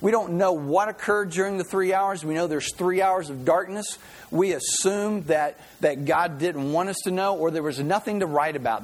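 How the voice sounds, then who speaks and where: Man, pastor, conversational sermon, folksy storyteller, husky voice, restarts often. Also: high voice.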